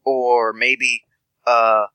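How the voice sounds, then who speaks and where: A man's voice: mid-range voice, level tone, very slow, pushed and bright, clear, resonant tone, no room sound, rough recording. A man doing Huck, a rambling street informant. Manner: stammering, scatterbrained, affectionate.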